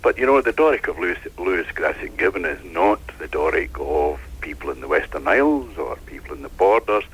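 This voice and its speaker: Deep-voiced Scottish man phoning in. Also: animated, a little fast, husky, rough recording. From Lanarkshire, Scotland. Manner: hesitant, stammering, then emphatic. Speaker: phone-in caller. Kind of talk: phone-in discussion. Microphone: telephone line.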